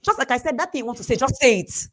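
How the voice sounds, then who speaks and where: A woman giving a fast, emphatic motivational talk, laughing often. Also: high voice, lively intonation. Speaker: speaker and coach.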